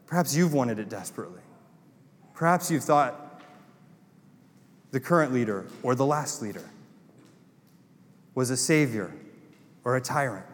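A man's voice: medium pitch, expressive, measured pace, pauses often, big-room sound. A man from North Carolina with a Southern accent, preaching a sermon as pastor, building to emphatic repeated lines.

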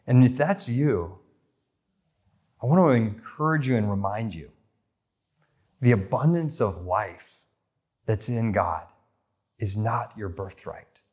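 An American man in his thirties preaching a sermon, telling stories and lifting his voice for quoted lines and excited passages. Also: slow pace, pauses often. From United States. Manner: storytelling, rises in pitch for quoted voices and excitement. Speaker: pastor.

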